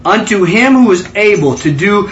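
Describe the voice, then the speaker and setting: A man leading a Bible study, excitable and emphatic, prompting his listeners to answer and repeat after him. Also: high-pitched, normal speed, roomy sound, highs cut off, a little hiss or hum. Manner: excitable, emphatic, calls for responses.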